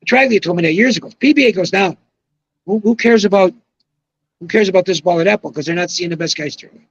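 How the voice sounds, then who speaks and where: A man with a high voice works his way through his views in a podcast chat, pausing on fillers and starting over. The sound is dry and a little dull, with no room in it. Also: dry recording. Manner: rambling, hesitant opinions with fillers. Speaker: retired bowling pro guest.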